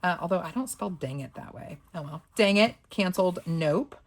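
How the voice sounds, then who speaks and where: A woman's voice: lowish voice, expressive, moderate pace. A woman, casually flipping through sticker books and reading the quotes aloud with playful sass and frequent laughs. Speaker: planner and sticker channel host.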